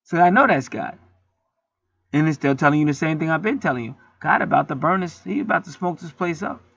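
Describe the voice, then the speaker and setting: Here the host of a channel vents casually to camera in a hot-tempered, moralizing tirade thick with profanity. The voice is raspy and sharp, a bit higher than average for a man, and the sound is dry and muffled, like a lo-fi home recording.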